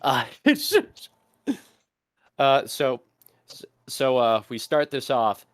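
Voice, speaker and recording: A man's voice: mid-range voice, fairly even intonation, extremely slow, pauses often, no room sound, clean studio sound. A man playing a tabletop game, chatting casually with many fillers and frequent laughter. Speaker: player.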